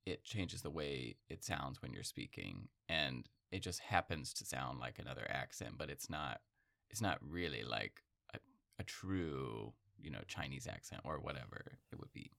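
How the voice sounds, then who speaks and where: A man with a very deep voice talks through an idea in a relaxed conversation. He explains patiently and hedges often. The sound is dry and close. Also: moderate pace, creaky, no echo. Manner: explanatory, patient, hedging with "like" and "I think". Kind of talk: casual conversation.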